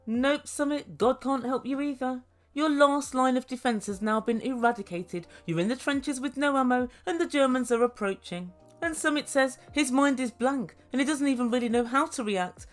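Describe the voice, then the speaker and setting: A woman's voice: high voice, expressive, moderate pace, few pauses, faint music behind. A woman giving a sarcastic, swear-filled recap of a reality show, laughing at her own jokes. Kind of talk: casual commentary recap.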